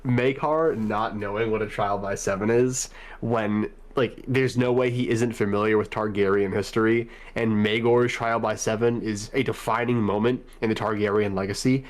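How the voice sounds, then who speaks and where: Man, lowish voice, podcast co-host, blunt, critical, casual. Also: steady tone, moderate pace. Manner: blunt and critical, calls things stupid. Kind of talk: casual fan discussion.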